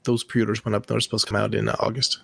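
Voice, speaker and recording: A man co-hosting a casual podcast, talking in a relaxed way with some hesitation. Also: lowish voice, rapid-fire, creaky, breathy edge, no room sound. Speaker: podcast co-host. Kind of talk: casual chat.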